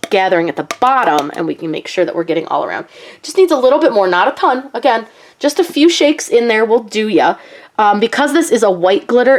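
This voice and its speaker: Chatty woman with a nasal cold voice. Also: mid-range voice. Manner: chatty, frequent ums and likes. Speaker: craft channel host. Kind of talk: casual craft tutorial.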